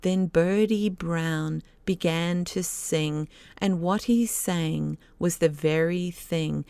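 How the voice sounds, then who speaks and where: A woman narrating an audiobook, reciting a children's story poem in a slow, lilting way. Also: fairly low pitch, vocal fry, mellow, smooth, dry recording.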